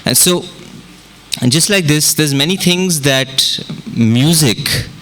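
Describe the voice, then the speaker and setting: A man's voice: fairly high pitch, takes it slowly, a bit bright. A man teaching music and counting beats aloud to an audience in a workshop, mixing in Hindi. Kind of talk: interactive workshop talk. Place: event room with audience.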